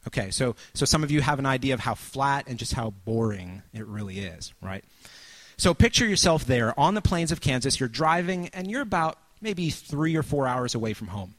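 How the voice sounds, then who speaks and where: A man at medium pitch preaches a sermon, painting a scene for his listeners. He talks loosely with fillers, then acts out moments, rising to cries or dropping to a near-whisper. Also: sing-song, moderate pace. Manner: storytelling, acts out scenes with sudden shouts and hushed asides.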